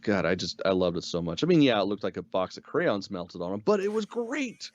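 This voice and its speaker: A man co-hosting a casual review show, talking in an animated way, swearing freely and acting out lines from scenes. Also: low voice, fast. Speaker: podcast co-host.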